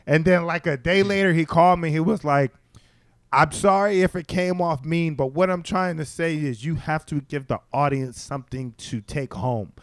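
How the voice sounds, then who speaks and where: A comedian tells stories, his voice sitting a little high for a man as he acts out the people he quotes. The sound is close and dry, with no room echo. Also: normal speed. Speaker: stand-up comedian guest. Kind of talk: casual storytelling chat. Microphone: studio mic.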